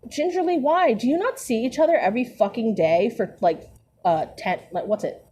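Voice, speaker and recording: A woman's voice: mid-range voice, sing-song, normal speed, warm tone, a little hiss or hum. A young woman streaming a book read-along, breaking off into sarcastic, profane commentary full of fillers. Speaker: streamer reading a book aloud. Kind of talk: casual commentary while reading aloud.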